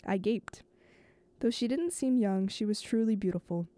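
Mellow-voiced woman reading a novel aloud. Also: medium pitch, dry recording. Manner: slow, measured, with stumbles and restarts.

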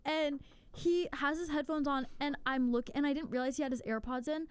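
A young woman co-hosting a podcast, telling stories in an animated, exclaiming way. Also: high-pitched, no room sound. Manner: animated storytelling with quick exclamations. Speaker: podcast co-host. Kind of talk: casual chat. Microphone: podcast mic on a laptop setup.

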